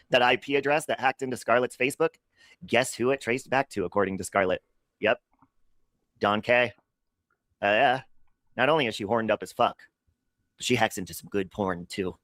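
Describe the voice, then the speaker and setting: A man hosting a livestream, chatting casually in an animated, gossipy and profane way. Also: medium pitch, moderate pace, pauses often, no echo, clean studio sound. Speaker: livestream host.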